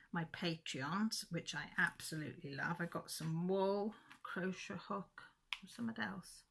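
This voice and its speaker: A woman's voice: on the low side, sharp tone, slight background noise. A woman, chatting casually to her channel viewers and telling a funny story with mild cussing. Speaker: craft channel host. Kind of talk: casual chat.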